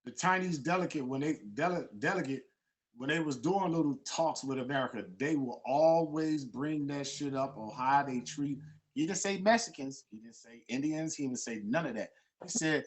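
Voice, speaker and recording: A man's voice: on the high side, normal speed. A man who is a guest on a talk show, speaking earnestly and with emphasis. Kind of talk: casual talk show chat.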